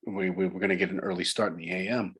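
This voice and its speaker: A man's voice: low voice, steady tone, fast, a bit bright, husky. A man from Long Island, an author and guest, telling a ghost story in casual chat, building suspense through repetition. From Long Island, New York.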